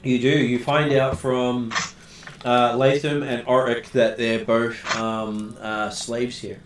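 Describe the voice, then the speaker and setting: A man running a tabletop game as game master, narrating with many pauses and fillers. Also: mid-range voice, little pitch movement, a little hiss or hum. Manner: halting, many ums and uhs.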